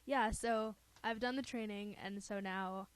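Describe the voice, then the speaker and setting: A woman's voice: mid-range voice, steady tone, unhurried, no echo. A woman on a casual panel chat with a dry, sarcastic sense of humor.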